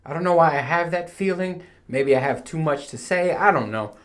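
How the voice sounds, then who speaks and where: A podcast host records from a room at home on a home setup, chatting casually in a rambling, profane way and laughing at himself. His voice is fairly high-pitched and expressive, and he talks briskly.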